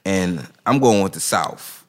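Animated slangy man hosting a podcast. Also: deep voice, unhurried. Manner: slangy, animated, laughs often. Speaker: podcast co-host. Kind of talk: casual banter.

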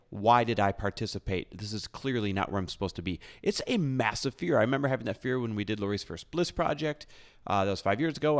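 Male interview host, lively pitch, fast, empathetic. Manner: empathetic, reassuring. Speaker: podcast host. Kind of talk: casual interview chat.

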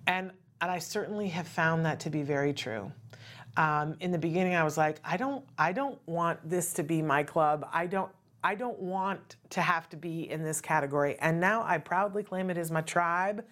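A woman's voice: low-pitched, normal speed, fairly bright tone. A middle-aged woman hosting a talk show, speaking earnestly and conversationally and often checking in with "right?". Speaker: host. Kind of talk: casual talk show monologue.

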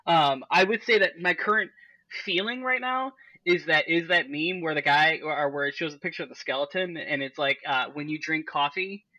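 A man's voice: on the high side, normal speed, pushed and bright, dry recording, dull audio. A young man co-hosting a podcast, rambling in casual chat and breaking into laughter. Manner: rambling, many fillers and restarts, breaks into laughter. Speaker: podcast co-host.

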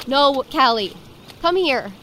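A woman's voice: sits high, animated, slow pace, sharp tone, a little hiss or hum, heavily acted. A woman playing an anxious, apologetic young woman haunted by dreams, who stammers when nervous. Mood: scared. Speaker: game protagonist. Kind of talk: video game voice acting.

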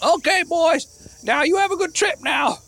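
A man's voice: very high voice, normal speed, creaky, pushed and bright, heavily acted. A man voicing a boozy old male moonshiner in a big hat, drawling and folksy, in an improvised comedy podcast. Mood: hospitable. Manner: hollering, rambling, folksy.

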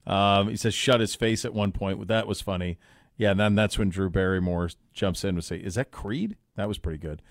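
Male sports radio host, quick reactions. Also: sits low, fairly even intonation, dry recording, clean studio sound. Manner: quick reactions, asks many questions. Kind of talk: casual sports radio chat.

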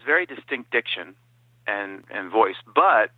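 A man guesting on an interview, telling stories in a lively way and dropping into quoted impressions. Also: lowish voice, unhurried, no room sound. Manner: animated storyteller who slips into quoted impressions. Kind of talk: casual interview over the phone. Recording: dry, tinny phone-line sound.

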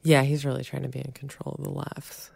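A woman in her thirties with a very low, gravelly voice, chatting wryly and teasing her co-host. She laughs easily as she tells family anecdotes. The recording is dry and close. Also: flat delivery, fairly quick, a little mellow, dry recording. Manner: wry, laughs often, teasing. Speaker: podcast co-host. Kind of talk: casual chat.

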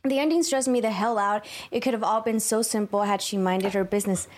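A woman co-hosting a livestreamed podcast, reading viewer super chats one after another. She keeps an upbeat tone and laughs easily. Her voice sits at a middle pitch for a woman. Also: a little fast. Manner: upbeat, laughs often while reading names. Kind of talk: casual chat.

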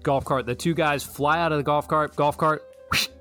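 A man's voice: fairly high pitch, moderate pace, faint music behind. Rambling young man telling a story. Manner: rambling, animated, acts out friends' lines. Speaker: storyteller in a truth-or-lie game. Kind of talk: casual storytelling among friends. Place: Florida.

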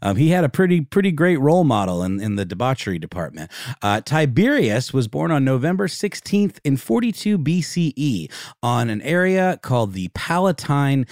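A man's voice: medium pitch, darkish tone, dry recording, clean studio sound. A man co-hosting a casual history podcast, rambling with lots of fillers. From Augusta, Georgia, US. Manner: rambling, many fillers and restarts. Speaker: podcast co-host.

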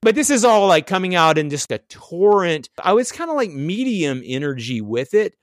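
Man, casual storytelling, animated, fairly high pitch, very dry sound. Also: moderate pace, no echo. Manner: animated storytelling, acts out quotes. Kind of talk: casual chat.

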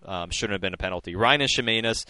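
A man's voice: lowish voice, fast, pushed and bright, no echo. A man co-hosting a post-game hockey talk show and reading listener messages in an easygoing way. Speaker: sports podcast co-host.

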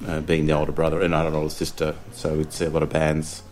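Very deep-voiced middle-aged Australian man. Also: monotone, fast talker, a little mellow, soft background music. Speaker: interview guest, a father. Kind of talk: relaxed reminiscing interview.

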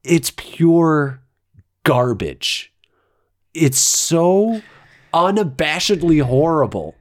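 Animated ranting man. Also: fairly high pitch, drawn-out words. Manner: ranting, sarcastic, swears a lot. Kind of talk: casual movie review chat.

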